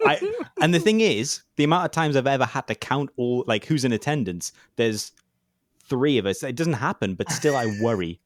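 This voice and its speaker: A man co-hosting a casual podcast, poking fun at himself in an animated, joking way. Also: mid-range voice, normal speed, dry recording, studio quality. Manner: self-mocking, animated storytelling. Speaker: podcast co-host. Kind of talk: casual chat.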